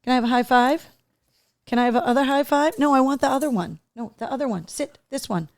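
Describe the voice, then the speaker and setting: A woman's voice: fast talker, darkish tone, dry recording. Chatty woman host in a dry room. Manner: chatty, talks to her dogs in a high coaxing voice. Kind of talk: casual live-stream chat, reading viewer comments. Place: home studio room.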